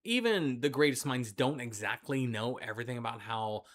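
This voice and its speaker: A man's voice: medium pitch, normal speed. A young man co-hosting a casual late-night chat, easygoing and thinking aloud. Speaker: co-host.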